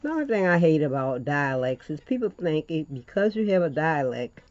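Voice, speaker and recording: A woman's voice: sits low, very animated, moderate pace, a little mellow, dry recording, lo-fi sound. An older woman with a Louisiana accent hosting a chatty crafting tutorial, folksy and rambling, calling viewers honey.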